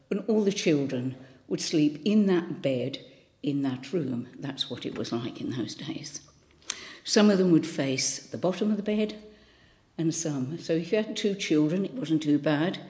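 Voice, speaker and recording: A woman's voice: sits low, warm tone. A woman in her eighties from Birmingham, with a faint Birmingham accent, telling chatty, rambling stories with many ums and restarts as she gives a thought for the day. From Birmingham, England. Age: 80s. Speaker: speaker giving a thought for the day. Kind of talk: casual anecdotal talk.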